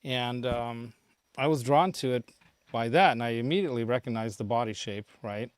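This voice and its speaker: A man's voice: medium pitch, moderate pace, clear, resonant tone, no echo. A middle-aged man hosting a casual livestream from his home studio, rambling with a lot of fillers and chuckles. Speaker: show host.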